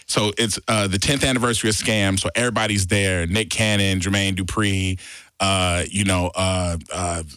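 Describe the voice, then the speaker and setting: A man in a radio studio, telling a story in casual chat and acting out quotes with loud bursts. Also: low voice, normal speed, clear, resonant tone, no room sound. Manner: animated storyteller, acts out quotes loudly. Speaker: radio DJ guest.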